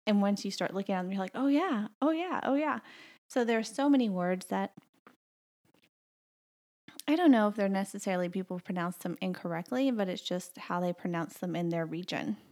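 A woman from the Southern United States co-hosts a podcast, her medium-pitched voice warm and a little fast. The casual chat is rambling and chatty, and she laughs often.

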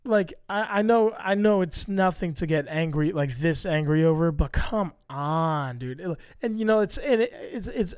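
A young American man hosting a casual podcast, ranting in animated mock outrage. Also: on the high side, normal speed, few pauses, clean tone, dry recording, clean studio sound. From United States. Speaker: podcast host.

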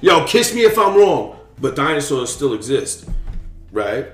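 A playful man on a casual podcast tossing off corny lines with a bouncy, rising and falling voice pitched a bit high. He sits back from the mic in a roomy space, with faint music behind. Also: sing-song, measured pace, a bit bright, distant mic. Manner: playful, reels off cheesy pickup lines. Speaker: podcast co-host.

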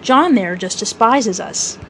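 Woman playing a high, excitable young girl. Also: slow pace, slight background noise. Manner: breathless, genteel, eager. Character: admiring, excitable well-bred young girl.

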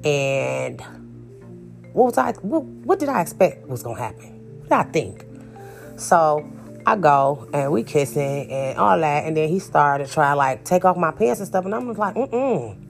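Woman host for a casual storytime, gravelly fry, faint music underneath, candid and emphatic. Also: low-pitched, very animated, measured pace. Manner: candid and emphatic, talks straight to the viewers.

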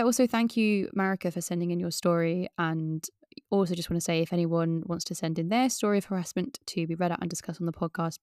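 A woman hosting a podcast in casual chat, frank and quick to swear. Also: on the low side, a little mellow, clear, resonant tone, dry recording, clean studio sound. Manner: frank, reactive, swears freely. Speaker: podcast host.

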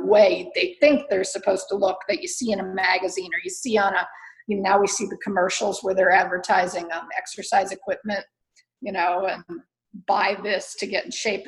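A woman's voice: mid-range voice, low-quality recording. A woman who runs her own training studio, answering interview questions in an earnest, encouraging way with frequent fillers. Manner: earnest, encouraging, talks through ideas with many fillers.

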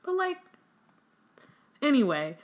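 A woman's voice: high voice, sing-song, slow, lo-fi sound. A woman co-hosting a book podcast, chatting casually and reading passages aloud with frequent ums and likes. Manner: casual, filler-heavy, reads with frequent ums. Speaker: podcast co-host.

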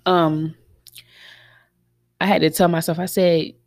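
A woman's voice: on the low side, flat delivery, slow pace, no room sound, studio quality. A woman of thirty hosting a podcast, talking candidly and reflectively in a loose, rambling way with many fillers. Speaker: podcast host. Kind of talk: casual reflective monologue.

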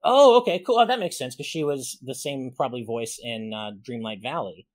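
On his casual gaming podcast, a man cheerfully reads supporters' super chat messages and names, sounding grateful. His voice sits at medium pitch and moves at a normal pace, with no room sound.

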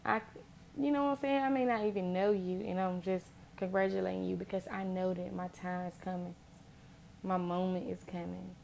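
Gravelly woman giving earnest faith talk. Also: fairly low pitch, steady tone, normal speed, a little mellow, a little hiss or hum. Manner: earnest, impassioned, repeats phrases for emphasis.

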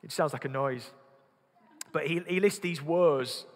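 Yorkshire man, preacher, sermon, slightly high voice, earnest, long church reverb. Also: unhurried. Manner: earnest, repeats words while thinking, asks the congregation questions.

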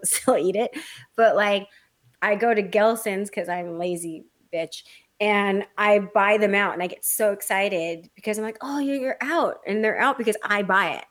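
Woman, casual chat, dramatic, animated storyteller, blunt, swears freely. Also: medium pitch.

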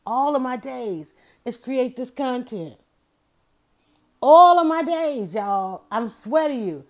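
A woman's voice: mid-range voice, a little mellow. A middle-aged woman hosting a podcast, talking in an emphatic, repetitive style and calling her listeners y'all. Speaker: podcast host. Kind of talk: motivational podcast monologue.

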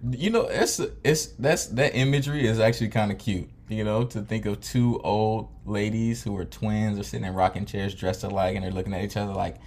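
A man who works as a dental hygienist, a guest on a podcast. He chats casually, tells relaxed stories and laughs easily. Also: on the low side, fairly quick, hardly any pauses.

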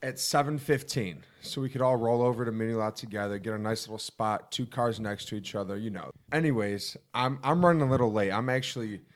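Young male co-host, low-pitched, joking storyteller who chimes in. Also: brisk, few pauses. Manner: jokey, swears, chimes in. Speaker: podcast co-host. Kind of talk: casual storytelling among friends.

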